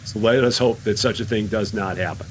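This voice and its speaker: A man casually commenting to his chat while playing a video game, musing aloud and rising in pitch when surprised. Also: a little fast, a little hiss or hum. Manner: chatty, talks to himself and chat, animated rises in pitch. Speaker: streamer.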